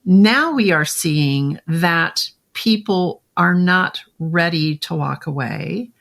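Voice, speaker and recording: Gravelly-voiced woman hosting an interview. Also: on the low side, expressive, slow. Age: middle-aged. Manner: warm affirming interjections, long framing questions. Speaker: podcast host. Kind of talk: conversational interview.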